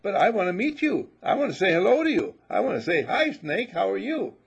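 A man's voice: high-pitched, very animated, brisk, vocal fry, breathy edge, dull audio, pitched above the performer's own voice, heavily acted. A man voicing a naive, eager young puppy dog that pleads to make friends.

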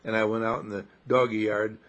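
An older man giving a gentle, rambling, folksy talk, chuckling as he reflects. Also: lowish voice, flat delivery, a little fast, dull audio. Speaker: inspirational speaker.

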